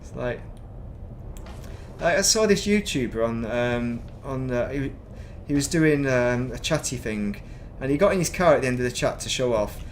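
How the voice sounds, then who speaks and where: With a faint hum of ambience underneath, a middle-aged man from northern England talks his way through a game stream, drifting between thoughts and joking at his own expense. He speaks at a moderate pace with lively intonation and a typical male middle pitch.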